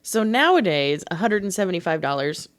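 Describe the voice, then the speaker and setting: A woman co-hosting a casual film podcast, animated and quick to laugh. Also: fairly low pitch. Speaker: podcast co-host.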